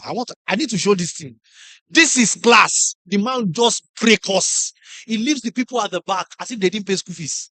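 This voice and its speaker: A middle-aged man with a Nigerian English accent giving a lively motivational talk to teachers, acting out classroom stories and putting questions to the audience. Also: high voice, moderate pace, dry recording. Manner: animated storyteller, acts out classroom scenes, asks the audience questions. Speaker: conference speaker.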